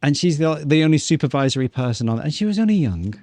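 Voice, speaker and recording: A man tells a story to his co-host in a relaxed vlog chat. He slips into other people's voices as he quotes them and lets the odd swear word drop. The sound is dry and close. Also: fairly high pitch, fast talker, dry recording. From New Zealand. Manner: animated storyteller acting out quotes; swears casually.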